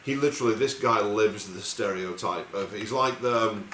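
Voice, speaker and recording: Casting: low-voiced man as a chatty game master, in an echoey room with faint hiss. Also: normal speed, bright, forceful tone. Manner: rambling, casual, swearing freely. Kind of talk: narrating a tabletop game.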